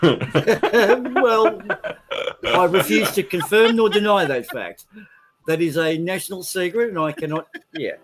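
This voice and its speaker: A man's voice: high voice, lively intonation, unhurried, long pauses, fairly bright tone. A man, chatting casually and joking wryly. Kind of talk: casual chat. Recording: clear background noise.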